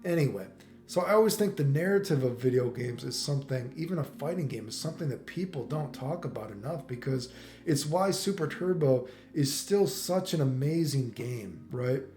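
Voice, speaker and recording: A man's voice: medium pitch, expressive, moderate pace, a little mellow. A man hosting a fighting game video, talking in a rambling, profane casual monologue. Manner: rambling, profane, many "you know what I mean". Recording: echoey room with faint music.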